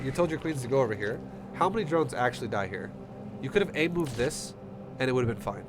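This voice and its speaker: Expressive and fast, a man with a mid-range voice breaks down a StarCraft replay for a player on a casual stream, heated and blunt with lots of swearing. His nose is running, and music plays under the noisy background.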